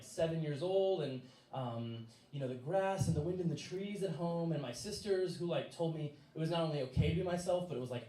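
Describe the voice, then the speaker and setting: A man's voice: a little high, darkish tone, slight background noise. A young man telling a personal story live on stage, casual and laughing, with many fillers. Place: stage in a small venue. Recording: echoey room from far off.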